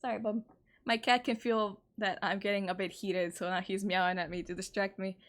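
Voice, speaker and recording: A woman's voice: mid-range voice, flat delivery, fairly quick. Candid woman streamer telling a story. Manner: exasperated, candid, swears casually, voice jumps up when indignant. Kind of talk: casual storytime chat. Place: home, with her cat.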